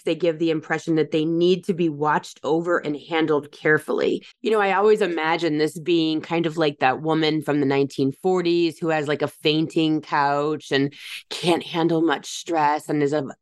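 Candid woman musing on parenting. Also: deep voice. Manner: candid and conversational, with self-corrections and rhetorical questions. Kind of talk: reflective personal monologue.

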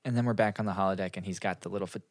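A man with a lowish voice recaps a TV episode in casual chat with friends. He plays out the characters' lines in quick asides as he goes. The mic sounds dry and close. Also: steady tone, no room sound. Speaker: podcast co-host recapping an episode.

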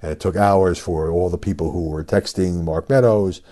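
A deep, dark-toned voice belongs to an older man who hosts a solo podcast and comments on media. He talks at normal speed in a steady tone, keeping things conversational with fillers and emphatic rhetorical questions.

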